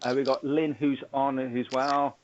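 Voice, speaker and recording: A man's voice: medium pitch, flat delivery, a little slow, dull audio, a crowd in the background. A man hosting a casual chat show over a video call, joking and greeting viewers by name. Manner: jokey, reads out viewer greetings.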